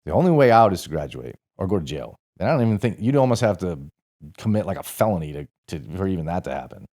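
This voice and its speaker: A man's voice: deep voice, big pitch swings, fast, warm tone. A man in his forties from St. Louis, a podcast guest telling a rambling, profane story in a casual way and correcting himself as he goes. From St. Louis, USA. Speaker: podcast guest, former Marine.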